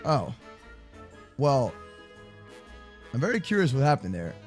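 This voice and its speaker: A man's voice: medium pitch, huge pitch swings, a little slow, soft background music. A man voicing a cocky, always hungry baby moose boy in a Minecraft roleplay, talking in broken, clipped grammar and repeating words in bursts. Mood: defensive.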